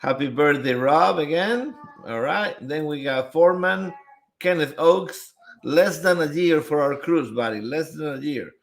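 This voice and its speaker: A man's voice: a little high, lively intonation, a little slow, vocal fry. A man hosting a live stream in a casual chat style, greeting viewers one by one and reading out their comments. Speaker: livestream host.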